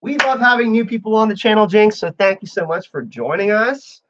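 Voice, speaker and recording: A man's voice: high-pitched, a little fast, a bit bright, lo-fi sound. A man hosting a casual livestream, chatting with viewers and reading out their messages, laughing often. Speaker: livestream host.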